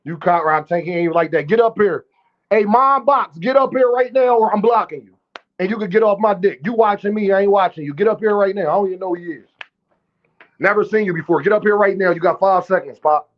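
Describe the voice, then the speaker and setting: The high-voiced man hosting a boxing livestream is brash and brisk, profanely trash-talking as he speaks straight to chat and calls out viewers in casual commentary. The audio sounds dull.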